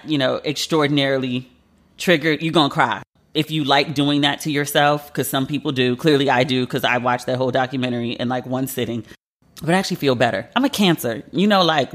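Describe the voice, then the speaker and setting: On a casual solo podcast, a woman with a bass voice that's a bit bright retells a story. She's the host, and her telling is chatty, emotional and full of fillers.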